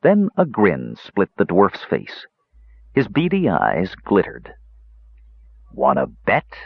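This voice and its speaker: A man reading a fantasy audiobook aloud in an expressive narration. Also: fairly low pitch, slow, gravelly, breathy edge, dry recording. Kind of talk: scripted narration. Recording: dull lo-fi dry recording.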